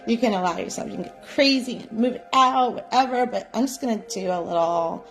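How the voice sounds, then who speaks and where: A woman teaching a live psychic development class, guiding listeners gently and often checking in with "right?". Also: on the high side, brisk, soft background music. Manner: gentle, coaxing, repeats "right?". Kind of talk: guided live class instruction.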